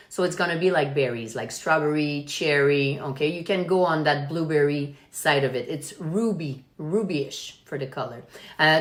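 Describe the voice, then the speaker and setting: A woman's voice: lowish voice, reverberant. French-accented woman hosting a wine tasting. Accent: Quebec French. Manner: chatty, explaining, asks "okay?" often. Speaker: wine expert hosting a live stream. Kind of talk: casual live-stream wine tasting. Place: at home.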